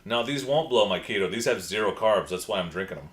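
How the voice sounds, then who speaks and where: A man's voice: lowish voice, expressive, fast talker, echoey room. A man hosting a casual livestream, chatting and answering viewer comments from his home computer. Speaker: livestream host.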